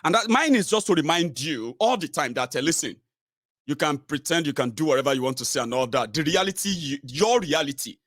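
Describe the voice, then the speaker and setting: A man's voice: on the high side, lively intonation, brisk, fairly bright tone, no room sound, studio quality. A man with a Nigerian accent, a political commentator ranting with scorn and repeated mocking labels. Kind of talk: opinion vlog rant.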